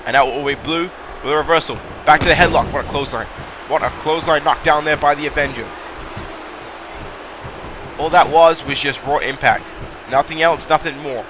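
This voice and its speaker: A man giving excitable, mildly profane play-by-play commentary on a wrestling video game. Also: fairly high pitch, moderate pace, pauses often, noisy background.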